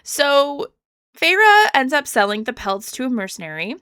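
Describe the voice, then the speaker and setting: A woman co-hosting a book podcast, retelling the story in a casual, profane and animated way. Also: sits high, a little slow, clear, resonant tone, dry recording, clean studio sound. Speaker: podcast co-host.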